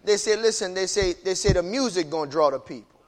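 A man preaching in a casual, emphatic way, repeating himself and building up to shouts. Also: high-pitched, animated, a little fast. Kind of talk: preaching-style casual talk.

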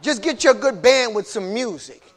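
Emphatic high-voiced preaching man. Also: animated, moderate pace, a faint crowd. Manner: emphatic, repetitive, builds to shouting. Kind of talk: preaching-style casual talk.

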